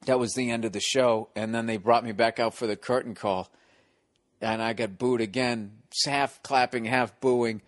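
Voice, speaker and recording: In a dry recording, a man with a medium-pitched voice and a Boston accent tells stories from his stand-up. He's in his forties, chatting casually, swearing a lot, and animatedly voicing the characters, such as hecklers yelling at him.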